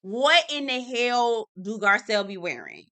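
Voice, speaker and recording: A woman recapping a reality-TV episode in a casual vlog, blunt and animated, swearing freely and talking straight to her viewers. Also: on the high side, a little slow. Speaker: TV review vlogger.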